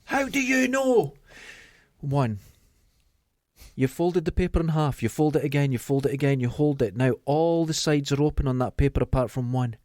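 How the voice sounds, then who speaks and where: A man's voice: mid-range voice, fast talker, hardly any pauses, dry recording, clean studio sound. A middle-aged Scottish man on a podcast, telling stories in casual chat and acting out what people said. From Scotland. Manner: animated storyteller acting out quotes. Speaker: podcast host.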